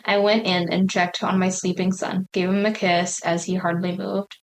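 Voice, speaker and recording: A woman's voice: on the low side, level tone, normal speed, rough recording. A woman hosts a podcast in a loose, conversational way. She reads a listener's story aloud without having read it first and reacts to it with plain sympathy. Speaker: podcast host. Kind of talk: casual chat and reading stories aloud.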